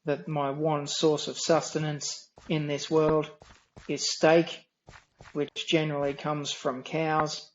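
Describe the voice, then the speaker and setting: An Australian man with a nasal, droning voice, giving dry, wry, unhurried commentary while streaming a game. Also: fairly high pitch, completely flat delivery, muffled recording, a little hiss or hum. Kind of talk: casual gameplay commentary.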